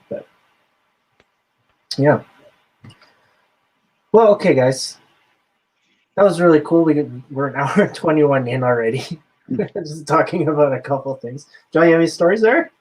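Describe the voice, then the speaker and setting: A man's voice: mid-range voice, animated, normal speed, pauses often, darkish tone, husky, low-quality recording. A man hosting a podcast, talking loosely in a casual chat with lots of fillers. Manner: loose, filler-heavy talk. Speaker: podcast host.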